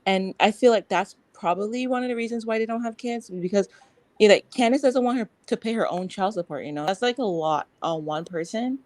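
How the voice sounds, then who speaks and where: A woman's voice: medium pitch, brisk, a little mellow, no room sound, poor audio. A woman guest in a casual chat, speaking frankly and rambling with lots of fillers.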